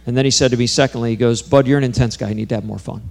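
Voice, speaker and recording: A man's voice: medium pitch, fairly even intonation, racing, vocal fry, darkish tone. A man preaching a sermon, telling a personal story in an earnest way that builds to intense, emphatic peaks.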